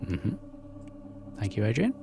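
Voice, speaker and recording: A man's voice: lowish voice, huge pitch swings, unhurried, background noise. A man co-hosting a podcast in casual chat, easygoing, with brief replies and questions for his guest. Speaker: podcast co-host.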